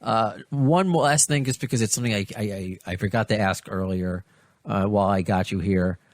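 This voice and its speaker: A man hosting a podcast interview, asking questions in a halting way with many restarts. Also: fairly low pitch. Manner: hesitant, many restarts, laughs along. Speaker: podcast host. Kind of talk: casual interview.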